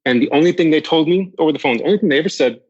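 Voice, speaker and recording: A man's voice: fairly high pitch, very fast, a little mellow, husky, highs cut off. A man as a podcast guest candidly recounting a personal near-death story, swearing freely and often restarting his sentences.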